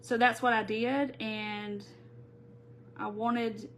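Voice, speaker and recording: A woman's voice: a little high, flat delivery, takes it slowly, very noisy. A woman hosting a live crafting tutorial, chatting casually and greeting viewers by name as she works. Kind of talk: live-stream crafting chat.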